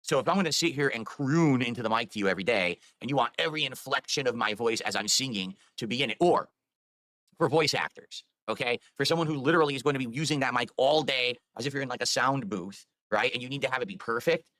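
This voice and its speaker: Fast-talking man streamer, bright and dry. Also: medium pitch, no echo. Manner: rambling, defensive explaining. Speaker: video game streamer. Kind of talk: live stream chat.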